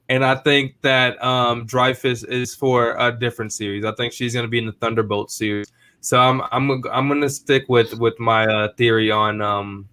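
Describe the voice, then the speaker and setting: A man's voice: medium pitch, bright, forceful tone, clear, resonant tone. A man on a casual movie discussion podcast, confidently laying out his fan theories. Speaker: podcast co-host.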